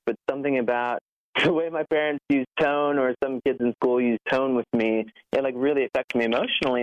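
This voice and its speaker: A guest on a podcast, an app's founder, talks earnestly in a mid-range voice through a conversational interview, with many "like" fillers and a nervous laugh. The lo-fi recording is dull and muffled, with a little hiss or hum.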